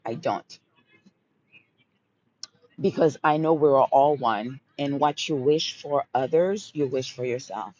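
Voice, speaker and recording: A slightly mellow, rumbling low voice moves slowly with frequent pauses, the highs cut off and slight background noise present. It belongs to a Haitian-accented woman hosting a live motivational Q&A, who emphatically repeats affirming mantras and calls listeners honey and baby.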